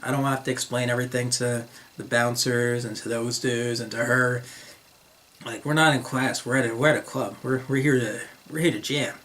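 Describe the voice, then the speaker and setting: A man's voice: medium pitch, fairly even intonation, normal speed, a bit bright. A young man from northern New Jersey with a New Jersey accent, telling a long rambling story to camera, stumbling over and repeating words and laughing to himself. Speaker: vlogger.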